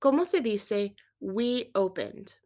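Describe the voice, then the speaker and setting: Woman teaching spanish, patient and clear, medium pitch, quizzing you as she goes. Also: expressive, slow pace, darkish tone. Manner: clear, patient instruction with quiz prompts. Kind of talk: scripted language lesson.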